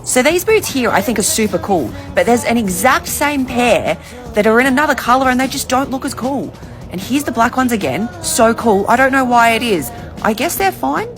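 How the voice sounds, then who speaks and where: A young woman talks through a comic vlog in a fairly high, lively voice that swoops up and down. Her delivery is wry and sarcastic, with faint music playing behind her. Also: normal speed. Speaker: vlogger. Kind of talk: comedic voice-over commentary.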